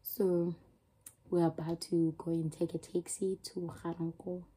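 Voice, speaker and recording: Young South African woman, dark husky voice. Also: on the low side, flat delivery, a little slow, poor audio. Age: young adult. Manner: emotional, rambling retelling with many restarts. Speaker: YouTuber. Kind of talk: storytime vlog.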